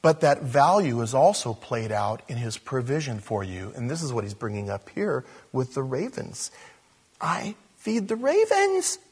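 A man preaching a sermon, shifting between soft hushed moments and loud, animated storytelling. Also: medium pitch, moderate pace, hardly any pauses, husky. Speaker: pastor.

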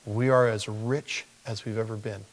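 A man preaching a sermon as pastor, animated and acting out quotes in lively voices. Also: on the low side, normal speed, slight background noise. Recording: long hall reverb.

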